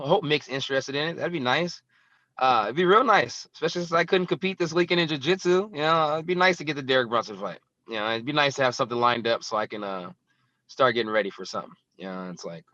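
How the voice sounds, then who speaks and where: A man's voice: mid-range voice, fast talker, bright, forceful tone, no room sound, dull audio. A young adult man, a fighter, talking bluntly and casually in an interview, with lots of fillers. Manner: blunt, rambling, filler-heavy. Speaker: guest fighter.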